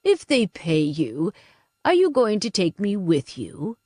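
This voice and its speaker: A woman's voice: mid-range voice, huge pitch swings, slow, warm tone, dry recording, heavily acted. Woman doing a wry, cold male captive. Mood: sardonic. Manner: dry and sardonic.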